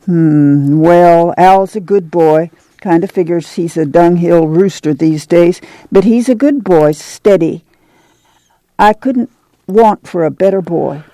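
A woman voicing a weathered, calm and wise farm mother with a soothing drawl. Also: fairly low pitch, slow pace, no room sound, low-quality recording. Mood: gentle.

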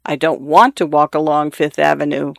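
A man's voice: on the high side, flat delivery, moderate pace, creaky, a bit bright, no echo, clean studio sound. A man voicing an idle, sullen husband who drinks through the afternoon and talks in a curt, blunt way. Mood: surly.

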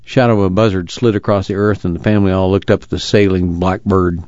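Male audiobook narrator, steady delivery, low pitch, dull lo-fi sound. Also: fast talker, no room sound. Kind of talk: scripted narration. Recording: dull lo-fi recording.

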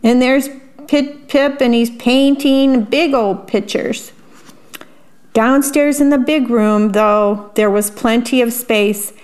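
A woman reads a children's picture book aloud at an unhurried pace. Her voice sits a little high, and she breaks off to describe the pictures in a chatty aside. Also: darkish tone. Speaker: storyteller.

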